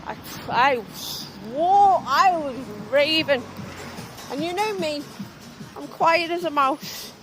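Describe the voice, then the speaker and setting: A woman's voice: sits high, expressive, takes it slowly, music in the background, low-quality recording. A young woman tour guide vlogging, agitated and swearing as she retells an argument. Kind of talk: ranting vlog monologue.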